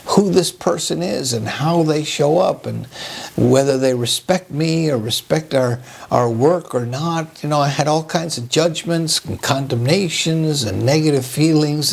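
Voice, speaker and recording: A man giving a slow, reflective spiritual talk, often restarting his phrases and asking "right?" as he works through his thoughts. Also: a little high, gravelly, husky. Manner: slow, searching, with frequent restarts and rhetorical "right?". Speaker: preacher.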